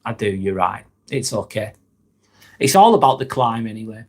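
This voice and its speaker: A man's voice: on the low side, big pitch swings, normal speed, darkish tone. A man in his forties from near Manchester, with a Lancashire accent, hosting a casual live vlog and answering viewers by name. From Northwest England. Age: 40s. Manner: reads viewer comments aloud and answers each by name, friendly and reflective. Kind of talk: casual live-stream chat.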